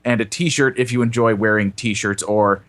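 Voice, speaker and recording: A man's voice: lowish voice, fairly even intonation, normal speed, a bit bright. A chatty man in his middle range, a guest musician on a podcast. He talks casually and chuckles at his own jokes while he plugs his projects. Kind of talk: casual chat.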